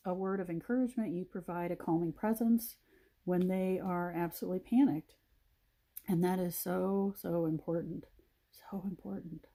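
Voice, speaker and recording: A woman giving a heartfelt, emotional message of encouragement, sighing and clearing her throat often and repeating phrases for emphasis. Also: lowish voice, warm tone. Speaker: video host.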